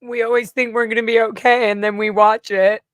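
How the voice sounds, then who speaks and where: A woman vlogger rambles through a personal story, emotional and casual, scattering "like" everywhere. Her voice is a little high with a level tone and a brisk pace. It's studio quality, with no room sound.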